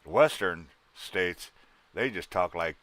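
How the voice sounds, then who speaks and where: A man's voice: low voice, expressive, slow, fairly bright tone, no room sound. A man from Wisconsin chatting casually with his livestream viewers in a rambling, folksy way, with a salty word here and there.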